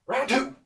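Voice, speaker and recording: A man vlogging casually, excitable and swearing, talking to himself and his dog. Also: a little hiss or hum. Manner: excitable, swears, yelps and shouts at misses. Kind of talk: casual self-talk while filming.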